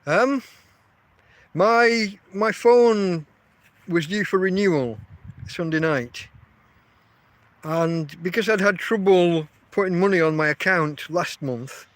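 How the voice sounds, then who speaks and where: Rambling man, fairly high voice. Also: no room sound. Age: 50s. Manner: rambling, chatty, often restarts his sentences. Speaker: livestream host. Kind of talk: casual livestream chat. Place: outdoors.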